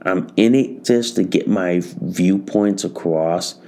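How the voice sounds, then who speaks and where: Slow, gravelly-voiced man hosting a podcast. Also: sits low, dark tone. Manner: repeats phrases, swears often, addresses listeners as guys. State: tired. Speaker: podcast host. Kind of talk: solo podcast monologue.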